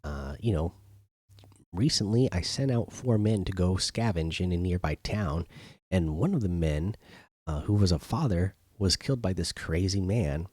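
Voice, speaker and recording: A man's voice: deep voice, lively intonation, moderate pace, darkish tone, breathy edge, no echo. A man hosting a show, retelling an episode casually with many fillers and restarts. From not British. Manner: loose, filler-heavy retelling. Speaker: host. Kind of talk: casual spoken recap.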